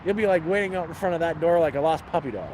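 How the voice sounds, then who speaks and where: A man's voice: fairly high pitch, very fast, a little mellow, slight background noise, rough recording. A man telling stories in blunt, profane, casual chat, outdoors by a city street. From Canada. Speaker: homeless vlogger answering questions. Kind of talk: casual storytelling.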